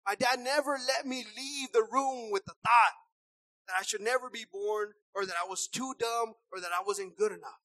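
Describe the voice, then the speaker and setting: A woman preacher delivering a passionate sermon, repeating herself and swinging from soft asides to shouts. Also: on the high side, normal speed, no echo, low-quality recording.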